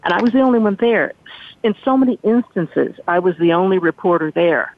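Through a tinny, dry phone connection, an older woman with a lowish voice talks briskly. The former entertainment reporter, a guest in a storytelling interview, relives behind-the-scenes moments and performs others' quotes with animation.

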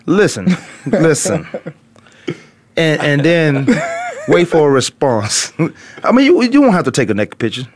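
A man's voice: fairly high pitch, a little slow, long pauses, background noise. A man hosting a sports talk show, joking and teasing his co-hosts in casual banter. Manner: animated, teasing, laughs often. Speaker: host.

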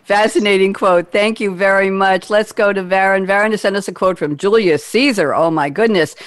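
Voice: medium pitch, moderate pace, no echo, clean studio sound. A host running a casual panel chat, playful and laughing often.

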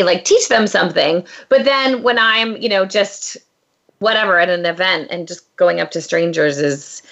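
A woman's voice: medium pitch, fairly bright tone, highs cut off. A woman hosting a podcast interview, speaking in a friendly, reflective way and asking open questions. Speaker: podcast host. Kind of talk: conversational interview.

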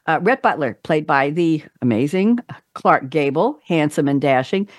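A woman hosting a talk show, chatting playfully with guests and making quick asides. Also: low-pitched, animated, dry recording. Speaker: podcast host. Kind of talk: casual interview talk show.

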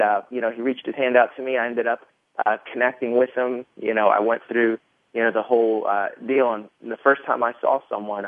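A man's voice: lowish voice, no room sound. A man in his thirties, a podcast guest, telling his story in a rambling casual way with many fillers. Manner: rambling, lots of fillers, animated retelling. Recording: tinny phone line.

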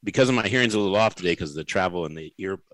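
A man's voice: low-pitched, animated, very fast, fairly bright tone, no room sound. A man hosting an interview, enthusiastically steering his guest toward stories. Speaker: podcast host. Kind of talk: casual interview talk.

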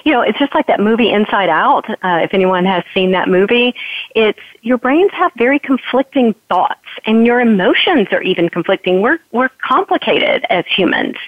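A woman's voice: fairly high pitch, dry recording. A woman explaining how to handle stress in a podcast conversation, earnest and teacherly, acting out her own worried thoughts as examples. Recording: tinny phone line.

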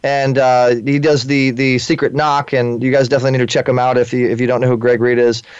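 A man's voice: mid-range voice, little pitch movement, quick pace, smooth, no echo. A man hosting a radio interview, talking eagerly and often repeating his words. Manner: eager, repeats himself, talkative. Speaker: host. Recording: dull dry lo-fi sound.

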